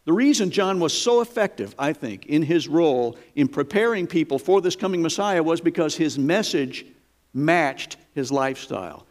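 A man's voice: fairly high pitch, lively intonation, moderate pace. A man preaching a sermon in an emphatic, folksy way, with dramatic quoted lines.

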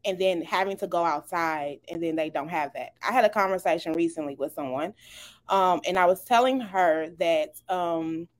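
A woman's voice: on the low side, normal speed. A woman, speaking animatedly in a casual panel talk, laughing and asking the group for advice. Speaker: parent panelist.

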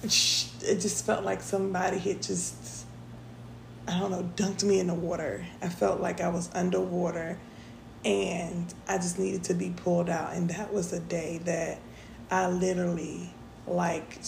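A woman's voice: fairly low pitch, gravelly, slight background noise. A woman hosting a podcast, telling a personal story in a chatty, casual way and calling her listeners y'all. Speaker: podcast host. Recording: echoey room with faint ambience.

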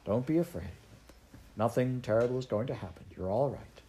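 A woman doing a gentle, kindly doctor. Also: very deep voice, lively intonation, fairly quick, slight background noise. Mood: soothing. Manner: gentle, soothing. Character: kindly middle-aged male doctor, gentle.

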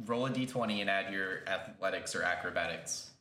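Bright-voiced man running a tabletop game. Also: low voice, fairly quick, reverberant, a little hiss or hum. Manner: casual, swears, puts on shouted voices for characters. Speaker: game master.

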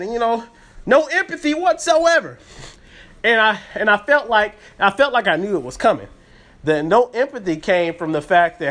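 A man's voice: high-pitched, lively intonation, normal speed, a bit bright. A man hosting a podcast, telling a story as a casual, rambling rant full of fillers and restarts. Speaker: podcast host.

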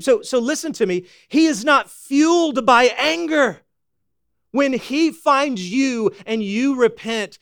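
A man preaching a sermon, folksy and animated, swinging from loud exclamations to hushed emphasis. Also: very high-pitched, no echo, studio quality. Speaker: pastor.

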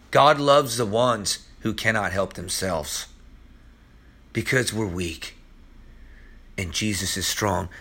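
Male preacher, high and animated voice, impassioned, drops to a hush for emphasis. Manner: impassioned and emphatic, swinging from loud to hushed; repeats phrases for emphasis. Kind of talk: sermon.

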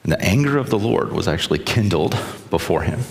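A man's voice: low-pitched, expressive, fairly quick, gravelly, big-room sound, faint music behind. A man preaching a sermon in a chatty, conversational way, often checking in with the listeners. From South Carolina, US. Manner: conversational, asks the audience with "right?". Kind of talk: sermon, retelling a scripture story.

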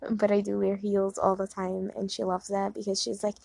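A woman's voice: medium pitch, flat delivery, moderate pace, gravelly, mellow, breathy edge, no echo, poor audio. A young woman chatting casually and leading affirmations, rambling and filling her talk with "like" and "um". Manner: rambling, heavy use of "like" and fillers. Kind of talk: casual chat and guided affirmations.

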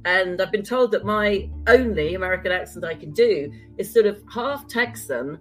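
A woman's voice: medium pitch, faint music behind, low-quality recording. An older woman with a standard British accent, a former journalist chatting as a guest in an interview. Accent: standard British (BBC English). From United Kingdom. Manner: chatty, quick asides and light laughter. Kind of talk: casual interview conversation.

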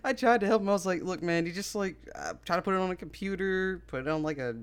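A man's voice: sits high, fast, a bit bright, smooth. Laid-back young man telling stories. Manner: laid-back, profane, laughs often. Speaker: podcast co-host. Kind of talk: casual storytelling chat.

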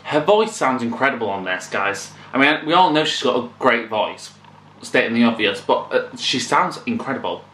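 Excitable man reacting over loud music. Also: mid-range voice, moderate pace. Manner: excitable, swears, sings along. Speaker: music reaction channel host. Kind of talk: casual album reaction. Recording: echoey room with loud music behind. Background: music playing.

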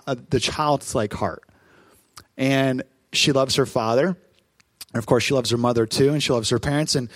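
A pastor in his thirties preaches on a church stage, telling family stories in a warm, lively, animated way with quick asides. His pitch is fairly high and there's no room sound.

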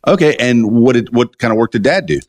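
A man's voice: medium pitch, animated, a little fast, a little mellow. A man hosting a casual podcast interview, chatty and jokey, often repeating words as he goes. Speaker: podcast host.

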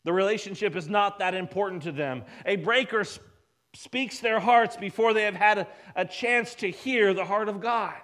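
A man preaching a sermon, emphatic, often dropping his voice low and quiet for weight. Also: normal speed. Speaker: pastor.

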